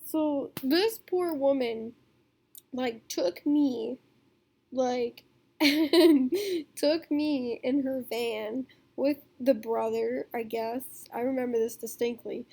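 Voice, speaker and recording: A woman's voice: high voice, mellow. A young woman telling a storytime vlog to camera in a rambling, casual way, full of fillers, swearing and laughter. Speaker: vlogger.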